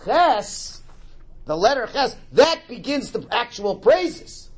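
A man's voice: very high-pitched, takes it slowly, breathy edge. A man teaching a class on a prayer text as a religious teacher. He asks questions and answers them himself, and often repeats words as he explains. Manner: animated, asks and answers his own questions.

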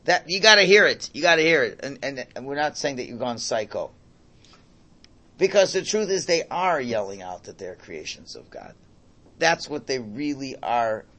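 A man teaching a religious class in a lively way, swinging between loud exclamations and quiet asides. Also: mid-range voice, normal speed. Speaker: Torah teacher.

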